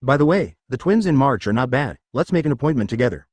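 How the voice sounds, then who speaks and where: A man's voice: mid-range voice, very animated, slightly rough, dry recording, studio quality. A man voicing a brash, rich playboy inventor who talks rudely and in a hurry. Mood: bossy. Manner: rude, bossy, hurried.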